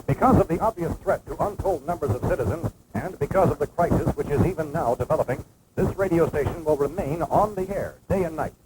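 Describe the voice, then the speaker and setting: Actor doing a serious radio news guy, formal emergency bulletin, slightly high voice, hissy old movie audio. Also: natural voice. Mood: grave. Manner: measured, formal. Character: grave male radio news announcer. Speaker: radio announcer in a horror film. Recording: hissy 1960s film soundtrack.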